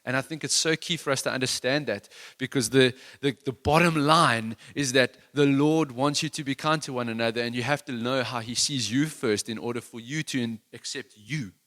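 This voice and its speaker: A man's voice: medium pitch, normal speed, hardly any pauses, a bit bright. A man preaching a sermon in an earnest, conversational, self-deprecating way, with many restarts. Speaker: worship leader giving a sermon.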